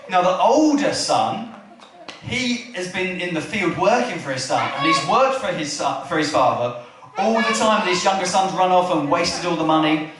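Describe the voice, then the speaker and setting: A high-voiced man gives a chatty church sermon and keeps turning to his listeners with questions. He is recorded from far off in a hall with a strong echo. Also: slight background noise. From England. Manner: chatty, asks the room questions, animated retelling. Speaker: preacher.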